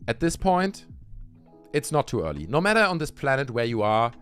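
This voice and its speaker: Animated, swearing livestream host ranting. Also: male voice, mid-range voice, moderate pace, faint music behind. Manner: heated, profane, talking straight to chat. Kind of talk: casual livestream rant.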